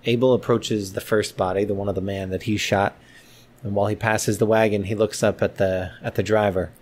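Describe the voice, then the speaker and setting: A man narrating his character's actions in a tabletop western game, steady and descriptive. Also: lowish voice, a little fast, a little hiss or hum. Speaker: player. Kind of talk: tabletop role-play narration.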